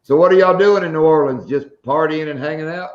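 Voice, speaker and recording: Host, joking man, fairly high voice, roomy dull sound. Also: fairly quick. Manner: joking storyteller. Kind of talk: casual live-stream chat.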